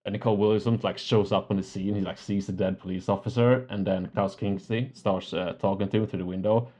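Man, podcast co-host, lowish voice, enthusiastic, lots of uh and like. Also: fairly even intonation, fairly quick, warm tone. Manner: enthusiastic, laughs often, hesitant fillers. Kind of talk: casual film discussion.

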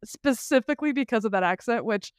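A man co-hosting a casual film podcast talks animatedly and fast in a very high voice, often restarting sentences and swearing now and then. His tone is smooth and resonant, recorded close and dry with no room sound or echo.

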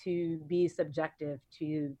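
A woman's voice: low-pitched, steady tone, slow, dark tone, dry recording, lo-fi sound. A woman guest on a podcast, telling stories from her career in a chatty, rambling way with many ums and likes. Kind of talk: casual interview storytelling.

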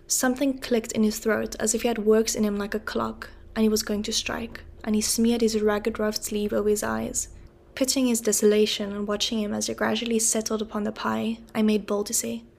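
A woman reading a classic novel aloud in an even, steady narrating voice. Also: on the high side, fairly quick, vocal fry. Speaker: audiobook reader.

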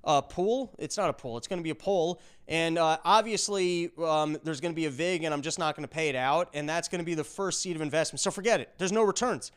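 A man's voice: a little high, brisk, hardly any pauses, a bit bright, clean tone. Rambling, joking male podcast host. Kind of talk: casual podcast monologue.

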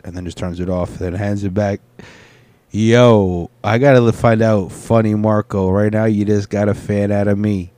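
A man's voice: lowish voice, steady tone, normal speed, warm tone, no room sound. A man hosting a casual reaction show, rambling and profane, often restarting his sentences. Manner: rambling, profane, self-correcting. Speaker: host reacting to video clips.

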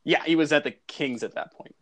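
A young man co-hosts a casual hockey podcast, his voice a little on the high side. He talks in a relaxed, joking way and is quick to find things funny. It sounds like easy banter between friends. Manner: relaxed, joking, easily amused. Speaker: podcast co-host.

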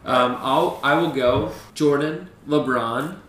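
A man's voice: medium pitch, slow. A man in his twenties co-hosting a podcast in casual chat, joking and playfully boastful. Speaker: podcast co-host. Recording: echoey room, faint background noise.

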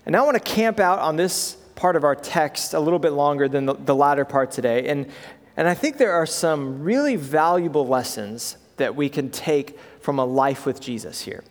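A man's voice: a little high, expressive, normal speed, big-room sound. A man preaching a sermon as pastor, in a conversational way, with frequent fillers and "right?" check-ins to the congregation.

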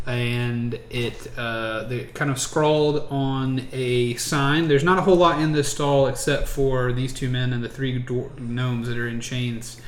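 A man's voice: mid-range voice, steady tone, a little slow, few pauses. A man narrating a tabletop game as game master, hesitant with many fillers and restarts. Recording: echoey room, faint noise.

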